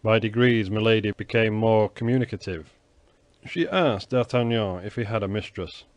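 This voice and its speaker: Man, audiobook narrator, lowish voice, dry close sound. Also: moderate pace, dry recording. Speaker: audiobook reader. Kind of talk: scripted narration.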